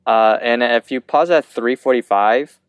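A young man with a smooth, clean voice, recorded close and dry. He co-hosts a podcast in easygoing casual chat, often restarting his sentences and filling with "like.". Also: medium pitch, dry recording. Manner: easygoing, halting talk with restarts and "like". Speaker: podcast co-host. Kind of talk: casual episode recap chat.

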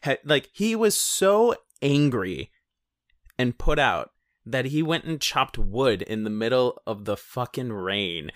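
A man's voice: mid-range voice, very animated, slow, no room sound, studio quality. A man co-hosting a casual film discussion, swearing often, laughing, and acting out quoted lines. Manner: profane, laughing, acts out quoted voices. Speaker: podcast co-host.

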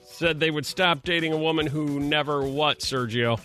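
A man's voice: fairly high pitch, moderate pace, sharp tone, faint music behind. A man hosting a morning radio show, teasing his co-hosts and quizzing them in casual banter.

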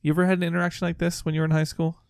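A man's voice: fairly high pitch, flat delivery, rapid-fire, gravelly, no echo, clean studio sound. A man co-hosting a podcast, chatting casually and asking his co-host questions about a film. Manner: conversational, asks questions, easy laughs. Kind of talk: casual chat recapping a film.

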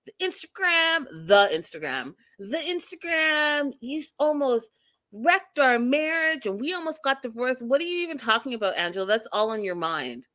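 A woman imitating a loud, aggressive, foul-mouthed woman who shrieks curses and threats. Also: medium pitch, unhurried, no room sound, lightly acted. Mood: ranting.

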